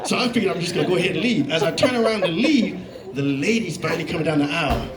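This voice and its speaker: A man doing a stand-up comedy set, telling animated stories and acting out the voices of the people in them. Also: sits high, very fast, background noise. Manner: animated storytelling, acting out voices, laughing along. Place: comedy club stage. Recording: roomy club with live audience. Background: audience laughing.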